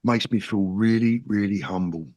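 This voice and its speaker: A man's voice: fairly low pitch, normal speed, a little mellow. A middle-aged man with a South London accent, a guest talking in an interview in an earnest, plain-spoken and emphatic way. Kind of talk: casual interview talk.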